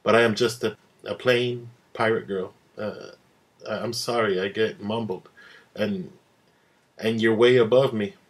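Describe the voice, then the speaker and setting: A man's voice: lowish voice, steady tone, unhurried, close to an everyday voice. A man voicing a young female pirate first mate who is devoted and shy, speaking earnestly with stammers. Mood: adoring.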